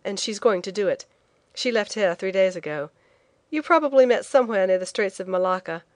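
A woman reading a brisk, blunt male shipping agent. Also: mid-range voice, no room sound, close to an everyday voice. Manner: brisk, insistent.

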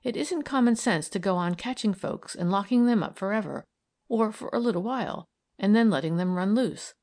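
A woman voicing a calm, kindly young woman detective who speaks gently and earnestly. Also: mid-range voice, moderate pace, lightly acted.

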